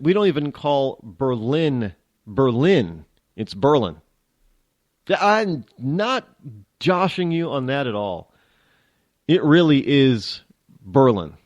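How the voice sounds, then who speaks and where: Animated rambling radio host, dry sound. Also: male voice, mid-range voice, no room sound. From New England. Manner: rambling, joking, self-interrupting. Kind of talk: casual talk radio monologue.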